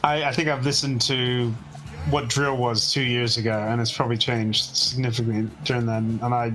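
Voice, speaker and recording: A man's voice: mid-range voice, little pitch movement, normal speed, rough recording. A man chatting casually on a stream, teasing his friend and laughing a lot. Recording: music playing clearly under the voice.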